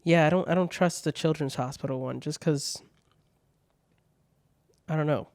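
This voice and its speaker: Chill guy going through bad jokes, swears a lot, dry close mic, kinda high voice. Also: moderate pace, darkish tone, no room sound. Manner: laid-back, swears freely, laughs at bad jokes. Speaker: podcast host reading viewer questions. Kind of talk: casual solo chat.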